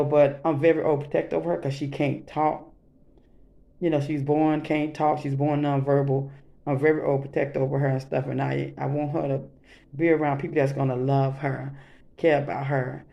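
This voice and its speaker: A woman speaks straight to her viewers in a loose, rambling vlog monologue. Her voice carries a gravelly, creaky edge, and she repeats herself earnestly, restarting sentences as she works her way through each thought. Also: low voice, dark tone. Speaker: vlogger.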